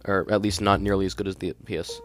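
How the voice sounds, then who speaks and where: A young man with a deep, low voice chats through a casual podcast monologue. He rambles and sounds exasperated, leaning on fillers. Guitar music plays clearly underneath him. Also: level tone, fast talker. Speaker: podcast host.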